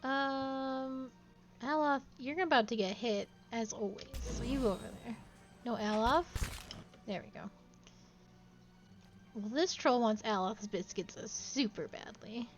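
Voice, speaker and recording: Woman streamer, kinda high voice, playful chatty gameplay talk, reads the game text out loud. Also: measured pace, long pauses, soft background music. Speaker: VTuber streamer. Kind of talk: casual gameplay commentary.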